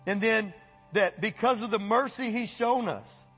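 High, gravelly-voiced man preaching. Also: a little slow, long reverb tail, soft background music. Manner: folksy, animated preaching with chuckles and acted-out voices. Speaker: pastor. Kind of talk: sermon. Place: church sanctuary.

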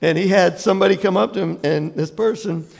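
A man from Jacksonville, Florida, preaching a sermon as pastor, an animated storyteller with laughing asides who acts out voices. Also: high voice, brisk, vocal fry, long reverb tail, slight background noise. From Jacksonville, Florida, USA.

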